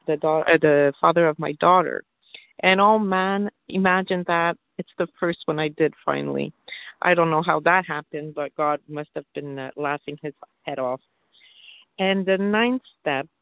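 A woman sharing at a recovery meeting, chatty and animated, laughing now and then and full of gratitude. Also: on the low side, no echo. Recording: tinny dry phone-like audio.

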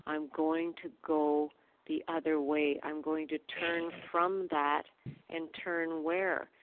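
A woman's voice: deep voice, no room sound. A woman from Canada sharing in a recovery meeting, earnest and reflective. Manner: earnest, reflective, quotes her own old prayers. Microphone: phone call. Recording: tinny phone line.

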